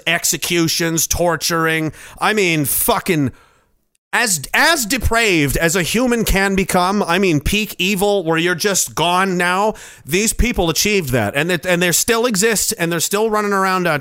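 A man's voice: on the high side, pushed and bright, smooth, dry recording. A young man doing a profane, sarcastic stand-up rant, acting out other people's voices. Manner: profane, sarcastic, acts out characters. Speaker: stand-up comedian.

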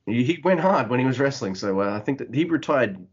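Excitable man with a lively voice. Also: mid-range voice, fast talker, husky, highs cut off. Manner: excited, profane recapping with impressions. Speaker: podcast co-host. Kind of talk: casual wrestling podcast chat.

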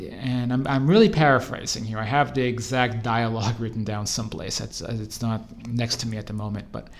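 A man's voice: medium pitch, steady tone, brisk, gravelly, hardly any pauses. A man telling a personal story in casual first person, rambling and correcting himself as he goes. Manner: rambling, self-correcting, trails off and restarts mid-thought. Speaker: storyteller recounting a personal experience.

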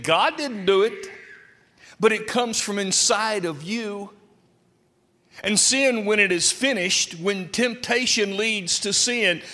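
A man preaching a sermon with a lively, dramatic delivery, sometimes acting out quotes. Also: high voice. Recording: long reverb of a hall.

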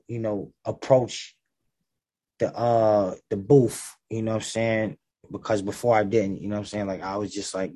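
A man with a gravelly voice, a rapper talking in a casual interview, laid-back and full of slang and fillers. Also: lowish voice, a little mellow, dry recording.

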